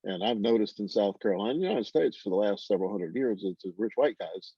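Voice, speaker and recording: A man's voice: lowish voice, fast, husky, no room sound. A man moderating a class discussion on a video call, asking questions in a folksy, wry way. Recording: dry, dull video call audio.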